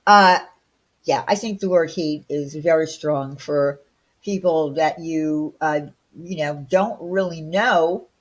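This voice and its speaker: A woman's voice: low-pitched, takes it slowly, muffled recording. A woman from Long Island, hosting a casual livestream and ranting bluntly with rhetorical questions. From Long Island, New York. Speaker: livestream host.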